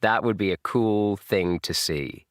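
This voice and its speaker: Australian male streamer, lowish, jokey, lively, dry close sound. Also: unhurried, no room sound. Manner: animated and jokey, laughs often. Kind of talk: live reaction stream chat.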